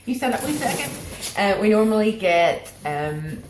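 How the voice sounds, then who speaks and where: Casting: young british woman, giggly chatty home vlogger, bouncy pitch, echoey room. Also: animated, normal speed. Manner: chatty, giggly, baby-talks to her dog. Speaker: vlogger unboxing a dog subscription box. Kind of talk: casual chat. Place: room at home with a dog and child. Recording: echoey home room, loud background noise.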